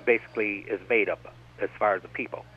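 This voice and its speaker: A man's voice: on the low side, fairly even intonation, fast talker, breathy edge. A man speaking as a radio guest, rambling and digressive, often circling back with "like I said.". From United States. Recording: tinny phone-line radio broadcast.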